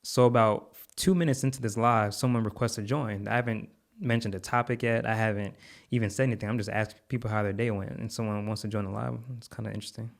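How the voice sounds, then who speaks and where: Low-voiced man telling a heartfelt story. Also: steady tone, quick pace, gravelly. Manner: heartfelt, repeats words, many fillers. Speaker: podcast guest, content creator. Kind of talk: earnest storytelling in conversation.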